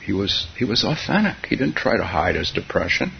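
A man giving a dharma talk as a meditation teacher, soft-spoken and halting, often laughing gently between phrases. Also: fairly low pitch, expressive, gravelly. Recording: dull, slightly hissy recording.

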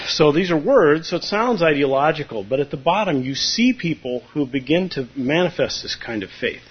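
Husky-voiced man giving a Zen talk. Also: fairly high pitch, lively intonation, normal speed, hardly any pauses. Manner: conversational, humorous, acts out students' voices. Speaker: Zen teacher. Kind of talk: dharma talk. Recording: dull lo-fi recording.

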